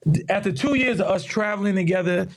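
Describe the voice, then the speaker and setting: This high-voiced man talks fast, telling stories as a guest on a podcast where he's introduced as a fashion designer. His Mid-Atlantic DMV accent comes through in a husky, gravelly tone, and he animatedly imitates the people he quotes in casual conversation.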